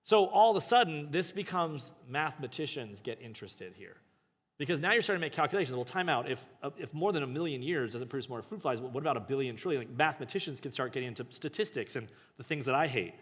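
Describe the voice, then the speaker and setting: A man in a church hall reads a book aloud and keeps breaking off for casual, joking asides before picking the text back up. His voice sits at an ordinary pitch for a man, and a long reverb trails behind every phrase. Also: lively intonation, fast talker, a bit bright, husky. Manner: casual, joking asides and self-corrections between read passages. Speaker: pastor teaching a book study. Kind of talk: reading a book aloud with off-the-cuff commentary.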